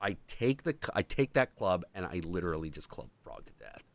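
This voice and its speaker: A man hosting a podcast, telling a story in casual chat, animated and swearing freely. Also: deep voice, a little fast, gravelly. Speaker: podcast host.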